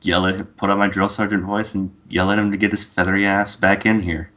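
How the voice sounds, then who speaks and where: A man playing a tabletop game, working through the rules in a deadpan way. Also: sits low, a little fast. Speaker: player. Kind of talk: casual tabletop play.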